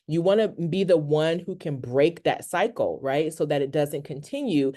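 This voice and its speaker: Speaking at a normal speed and medium pitch, this counselor runs a workshop by video call. The tone is easygoing and chatty, with frequent "right?" check-ins.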